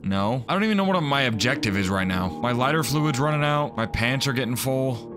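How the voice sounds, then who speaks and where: A man's voice: mid-range voice, expressive, a little fast, over music. A young man commentating a horror game as he plays, cursing constantly and yelping when startled. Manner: profane, jumpy, screams at jump scares. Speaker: gaming youtuber.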